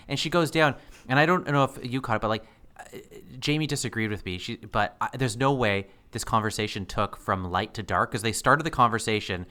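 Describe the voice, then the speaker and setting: A man co-hosting a podcast in casual chat, animated, acting out characters' lines as he jokes. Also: on the low side, brisk. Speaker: podcast co-host.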